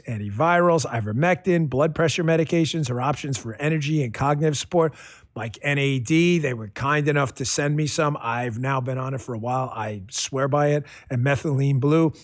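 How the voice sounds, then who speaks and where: A man in his fifties hosting his own talk show, delivering a fired-up monologue that swings from muttered asides to near shouting. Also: on the high side. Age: 50s. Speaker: podcast host.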